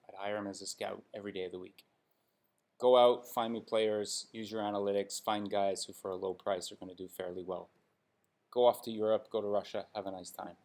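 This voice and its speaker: A man's voice: lowish voice, fairly even intonation, fairly quick, a little mellow, slight background noise. A man giving blunt, sarcastic hockey commentary in an opinionated vlog rant.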